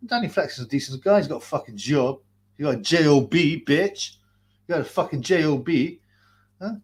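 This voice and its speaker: A man with a voice on the high side and lively intonation hosts a livestream at normal speed, masked and sitting in a hot basement. His talk is profane ranting commentary, crude and laced with mockery and laughter.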